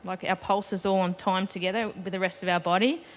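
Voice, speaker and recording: A woman's voice: medium pitch, steady tone, a little fast, slight background noise. A woman telling a personal story to a live festival audience, chatty and self-deprecating, laughing between lines. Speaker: festival panel speaker.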